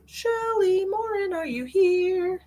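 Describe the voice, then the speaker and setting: A woman's voice: extremely high pitch, lively intonation, slow, dark tone. A woman hosting a live psychic reading stream, chatting casually with viewers and calling them by pet names.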